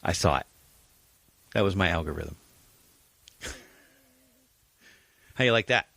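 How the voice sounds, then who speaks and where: A man's voice: deep voice, animated, slow, creaky, pushed and bright, no echo. A man co-hosting a casual podcast, crude and teasing, swearing freely as he tells stories. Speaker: podcast co-host. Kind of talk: casual chat.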